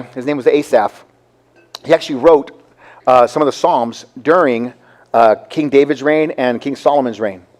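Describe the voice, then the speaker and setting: A male pastor delivers a sermon in an easy, conversational way, with a rather high voice for a man. He voices characters from Bible stories in quick bursts, then drops low and quiet to drive a point home. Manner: conversational preaching that drops low and soft for emphasis.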